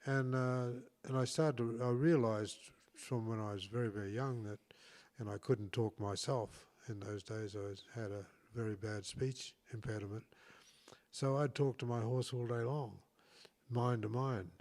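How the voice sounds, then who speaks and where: A man hosts a relaxed talk show and drifts into reflective stories. He often breaks off and restarts his sentences as he talks. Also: mid-range voice, normal speed. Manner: reflective, rambling, with frequent restarts. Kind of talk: casual storytelling conversation.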